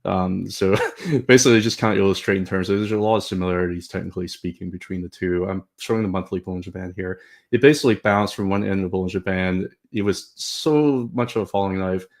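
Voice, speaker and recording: A man's voice: low voice, fast. A man giving casual chart commentary, loose and hedging with "you know" and "kinda". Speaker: co-host chart analyst.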